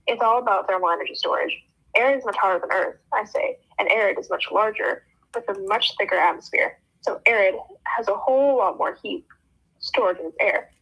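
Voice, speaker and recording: Bright husky young woman reading aloud. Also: medium pitch, low-quality recording. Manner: animated first-person reading with casual asides. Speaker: book club host.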